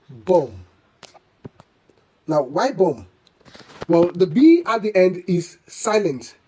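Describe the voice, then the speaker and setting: An unhurried, breathy voice narrating a scripted pronunciation lesson. It explains each word with care and repeats the correct form several times. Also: mid-range voice, mellow, rough recording. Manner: careful, deliberate explanations with repeated model words. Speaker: English pronunciation teacher.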